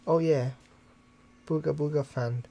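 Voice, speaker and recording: A young man from the UK talks in a hushed, casual way to his live-stream viewers, trying not to wake the neighbors. His voice is mellow and a little gravelly. A faint room hiss sits behind him on the desk microphone. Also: fairly high pitch, steady tone, a little slow. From United Kingdom. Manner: talks quietly to keep from waking neighbors at night. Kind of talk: casual live-stream chat while playing. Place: room at home, early morning. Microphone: desktop USB microphone.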